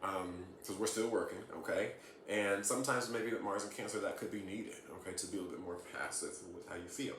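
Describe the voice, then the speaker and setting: A man's voice: fairly low pitch, brisk. A man from the US South in a casual astrology vlog, talking earnestly into his camera at home. He ends nearly every point with "okay?" and laughs lightly between points. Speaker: astrology vlogger. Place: room at home. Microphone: camera mic. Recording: echoey room with faint hiss.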